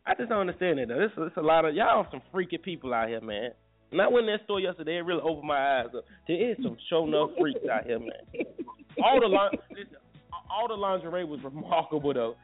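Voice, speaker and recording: A man's voice: a little high, big pitch swings, quick pace. A man hosting a casual morning show, joking and cursing freely. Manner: joking, crude and profane. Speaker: radio show host. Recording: tinny phone-like sound with faint music.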